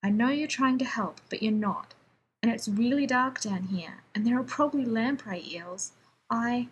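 Brief: nervous, prickly male scientist, read by a woman, rambles with sarcasm, fast and wordy. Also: medium pitch, lively intonation, muffled recording, a little hiss or hum. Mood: nervous rambling. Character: anxious, prickly male scientist defusing a bomb.

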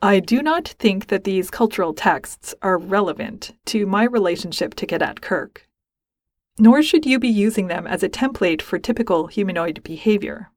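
A woman voicing a reserved adult male alien officer with measured, restrained delivery. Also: mid-range voice, animated, no echo, studio quality, lightly acted.

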